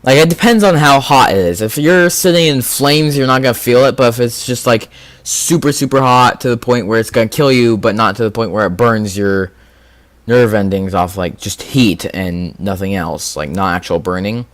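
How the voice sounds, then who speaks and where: Male gaming video host, mid-pitched, casual and rambling, thinks aloud with fillers. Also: normal speed, no echo. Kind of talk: casual commentary on a quiz game.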